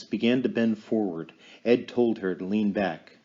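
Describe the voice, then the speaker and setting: A man narrating an audiobook in a measured storytelling manner. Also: on the low side, dark tone, dull audio. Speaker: audiobook reader.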